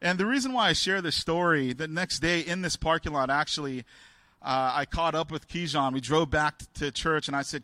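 Candid, halting man preaching a sermon. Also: on the high side, bright, forceful tone, dry recording. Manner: halting and candid, with frequent restarts; acts out the people in his stories with a raised voice. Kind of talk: sermon told as personal stories.

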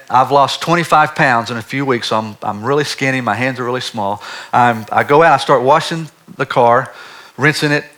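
A man preaching, telling a personal story in a lively, animated way. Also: medium pitch. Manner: animated storyteller, drops to a hushed voice for God's words. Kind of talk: sermon storytelling.

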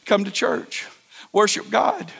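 Male pastor with a very high voice, sermon full of stammered restarts, long church hall echo. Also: expressive, slow, creaky, a bit bright, slightly rough. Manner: preaching with repeated stammered restarts and call-and-response.

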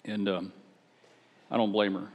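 A man's voice: on the low side, flat delivery, measured pace. A man preaching a conversational sermon, chatty and rhetorical, with wry asides and self-deprecating stories. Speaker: pastor. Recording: echoey hall, dull lo-fi sound.

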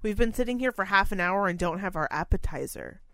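A woman's voice: mid-range voice, fairly quick, no echo, clean studio sound. Foul-mouthed, exasperated young woman telling a story. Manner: swears heavily, animated and exasperated, acts out quotes. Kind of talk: casual storytelling chat.

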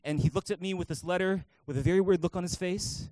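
A male pastor preaching in a church, telling a personal story in an animated way with many restarts. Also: high voice, fast, dry recording. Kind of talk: sermon storytelling.

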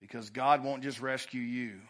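A man preaching a sermon in a church, reading scripture aloud and swinging between loud emphasis and quiet, drawn-out lines. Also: mid-range voice, steady tone. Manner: preaching with rising and falling intensity. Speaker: pastor.

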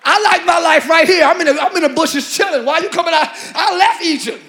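A man's voice: very high-pitched, fairly quick, sharp tone, exaggerated voice. A man voicing Moses as a reluctant man clinging to his comfort, complaining in casual slang.

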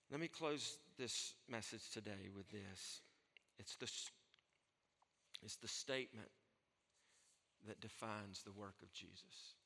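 A man preaching a sermon as pastor, moving between soft, hushed lines and loud, emphatic declarations. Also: lowish voice, measured pace, gravelly, long reverb tail. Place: church sanctuary.

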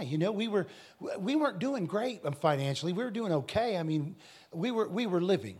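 A man ministering at a church Q&A, telling a personal testimony with frequent restarts and bursts of shouted scripture. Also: high voice, moderate pace, breathy edge. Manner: animated, rising to shouted scripture with audience call-outs; repeats and restarts words often.

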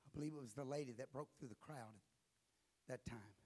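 A male pastor preaching a sermon, often building up to impassioned shouting. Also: medium pitch, quick pace.

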